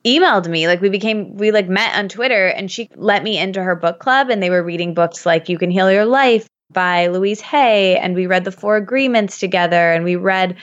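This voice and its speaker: A woman's voice: medium pitch, moderate pace, hardly any pauses, highs cut off. Chatty storytelling woman from Michigan. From Michigan, USA. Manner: chatty, storytelling with many fillers. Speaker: podcast guest. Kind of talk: casual podcast conversation.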